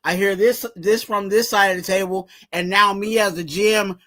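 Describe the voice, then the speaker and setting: A man's voice: high-pitched, fairly even intonation, moderate pace, pushed and bright. A man hosting a fan channel, giving casual sports commentary in a rambling way and urging viewers to subscribe.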